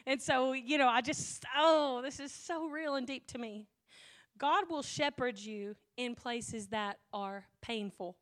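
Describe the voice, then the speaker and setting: A woman pastor preaching a sermon, emotional and weepy at times, building up to near-shouting passion. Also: high-pitched, takes it slowly.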